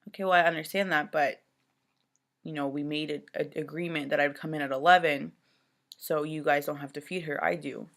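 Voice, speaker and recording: A woman's voice: deep voice, fairly even intonation, fairly quick, vocal fry, fairly bright tone. A woman from Canada, a new mother, rambling through an upsetting personal story in casual talk full of "like" and "you know". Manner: upset and exasperated retelling.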